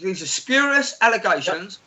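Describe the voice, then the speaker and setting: A man's voice: sits high, very animated, moderate pace, pushed and bright. A man talking as a guest in an indignant, heated chat, full of swearing and stammered restarts.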